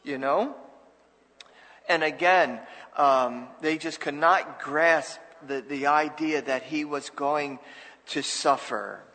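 A man's voice: on the high side, slow pace, sharp tone, big-room sound, low-quality recording. A man preaching a sermon as pastor, earnest and conversational, with restarts and asides to the congregation.

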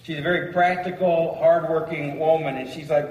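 Guy preaching in a church, kinda high voice, echoey hall, mic far off. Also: steady tone, moderate pace, few pauses, a little mellow. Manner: reads scripture and comments with varied emphasis. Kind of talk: sermon.

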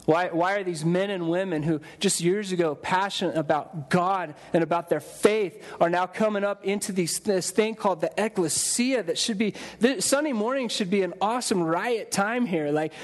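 A man preaching a conversational sermon to his church, with restarts and quick acted-out quotes. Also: high voice. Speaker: pastor. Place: church sanctuary.

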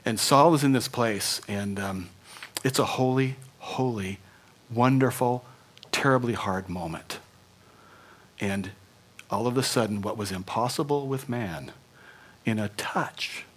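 Animated male preacher dropping to whispers. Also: medium pitch, a little slow, pauses often. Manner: animated, laughs often, drops to near whispers. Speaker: pastor. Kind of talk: sermon.

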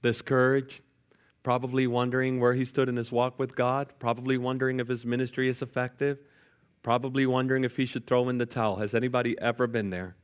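Man, preacher, church sermon, animated storytelling, joking asides. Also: medium pitch, fairly quick, smooth. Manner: lively, jokey asides to the congregation. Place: church sanctuary.

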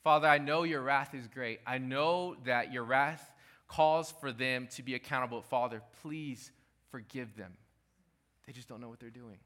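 Jesus, a gentle man on the cross, pleads softly with the Father, as a preacher voices him. The voice is hushed, with a bright edge. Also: mid-range voice, normal speed, lightly acted. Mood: pleading.

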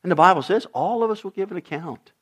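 Animated male pastor preaching. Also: high-pitched, fast, breathy edge. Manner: dramatic shifts in volume, acting out voices; direct questions to the congregation. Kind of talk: sermon.

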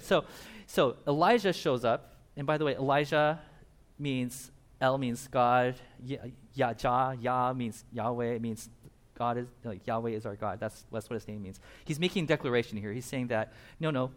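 A man preaching a sermon, telling a Bible story with energy and acting out the quotes. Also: mid-range voice. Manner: animated, acts out quotes in changing voices, laughs often. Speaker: pastor.

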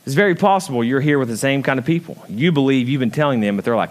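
A male pastor preaching a sermon, emphatic, swinging between loud high peaks and quiet low asides and putting questions straight to the congregation. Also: expressive, fast, few pauses. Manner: emphatic preaching with big swings in pitch and loudness; calls out and questions the congregation directly.

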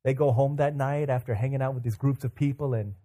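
A man's voice: medium pitch, steady tone, fast talker, dark tone. A man preaching a sermon in a conversational way, acting out inner thoughts as he tells stories. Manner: conversational, with many fillers and repeats.

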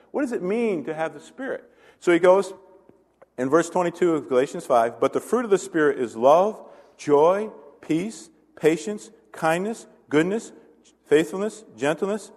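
A man's voice: on the high side, big-room sound. A male pastor preaching a conversational sermon, asking the congregation questions and adding self-deprecating asides.

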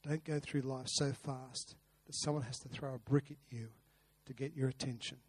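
Earnest pastor, dry close sound. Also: male voice, mid-range voice, fairly even intonation, normal speed, husky, dry recording. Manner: earnest, repeats words, rhetorical questions. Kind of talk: sermon with a told story.

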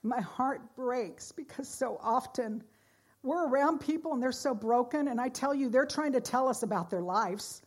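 A woman pastor preaching a sermon, earnest, moving between loud exhortation and hushed storytelling. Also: high-pitched, moderate pace.

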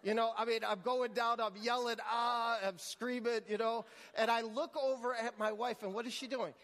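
A man's voice: very high-pitched, steady tone, moderate pace, fairly bright tone, long reverb tail. A man preaching a sermon as pastor, telling a story with frequent restarts and repeated words.

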